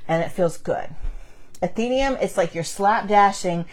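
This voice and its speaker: A woman at an ordinary middle pitch, talking in a relaxed, chatty way. She laughs easily and often makes fun of herself, like a co-host trading opinions at a table. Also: a little slow. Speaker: board game podcast co-host. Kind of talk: casual chat. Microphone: on camera, table mic.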